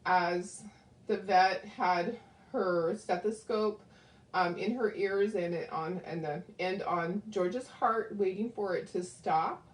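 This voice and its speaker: A woman's voice: medium pitch, takes it slowly. A woman hosting a casual craft livestream, talking to viewers with lots of ums and asides, grieving and close to tears. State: grieving and tearful. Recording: echoey room.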